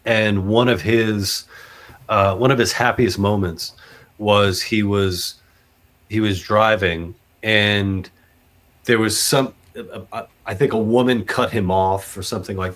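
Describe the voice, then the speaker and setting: A fairly low-voiced man who hosts a podcast and chats casually with his guest. He talks haltingly and often stops on "uh" and "you know.". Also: a bit bright. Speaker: podcast host.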